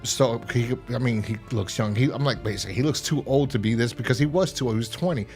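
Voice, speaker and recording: A man's voice: fast talker, a little mellow, faint music behind. A young man hosting a casual podcast review, rambling and swearing, acting out scenes. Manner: rambling, profane, acts out scenes in high voices. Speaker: podcast host.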